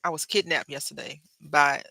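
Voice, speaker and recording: A bright, forceful-sounding woman talks casually to her viewers while she crafts. She drifts from the project into stories and addresses the audience directly. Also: sits low, steady tone, moderate pace, gravelly, no room sound, poor audio. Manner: chatty storyteller, drifts between crafting and anecdotes. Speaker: craft vlogger.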